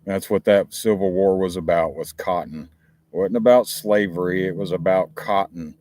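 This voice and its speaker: A low-pitched man with a Southern American accent rambles through a casual live talk show, chatty and loose, cursing freely and restarting his sentences. His voice sits close and dry, with little room sound around it. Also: steady tone, moderate pace, darkish tone, no echo. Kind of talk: casual live-stream chat. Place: outdoors, chilly.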